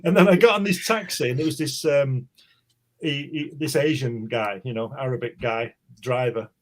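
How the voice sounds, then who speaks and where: Older english guy rambling through a story, keeps stumbling over words, middling voice. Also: mid-range voice. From England. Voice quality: rambling, halting, repeats words. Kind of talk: casual storytelling chat.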